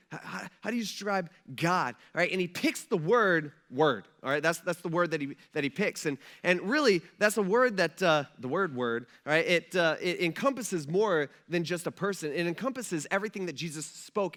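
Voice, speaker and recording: A man preaching a relaxed, conversational sermon as pastor, often checking in with the congregation. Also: high-pitched. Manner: casual, folksy, asks the room "right?" often.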